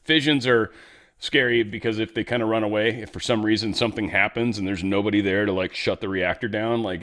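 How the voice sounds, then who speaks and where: A man's voice: low voice, a bit bright. A man hosting a casual political commentary show, talking in a loose, sarcastic, rambling way. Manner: loose, sarcastic, rambling, drops into mock voices.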